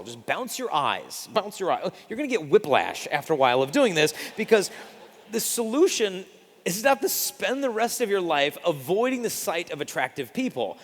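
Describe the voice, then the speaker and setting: A man giving a live talk as a Catholic speaker, telling lively stories and acting out the quotes. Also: high voice, moderate pace, long reverb tail. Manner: animated storyteller acting out quotes.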